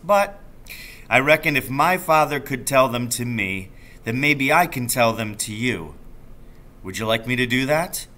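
A man's voice: medium pitch, lively intonation, bright, forceful tone. A male teacher voicing a sly, secretive father in a storybook reading, drawing out his words conspiratorially. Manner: slow, drawn-out, conspiratorial.

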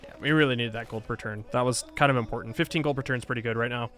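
Man, gameplay commentator, thinks aloud, mid pitch, self-mocking grumbles, faint music bed. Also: racing, a bit bright. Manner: thinks aloud, frustrated and self-mocking, frequent sighs and laughs. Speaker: gaming YouTuber. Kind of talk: casual Let's Play commentary.

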